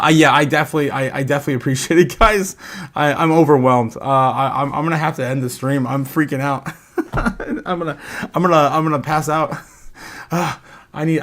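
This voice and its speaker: A man hosting a live stream. He talks in an excitable way, laughs often, and stammers and repeats himself. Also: fairly high pitch. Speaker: crypto livestream host.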